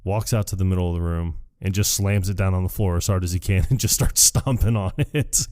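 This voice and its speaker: A man co-hosting a podcast, casually recapping a film scene by scene and acting out the characters' lines in a higher voice. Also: fairly quick. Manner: animated retelling, jumps high to act out quoted lines, laughs often. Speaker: podcast co-host. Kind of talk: casual movie recap chat.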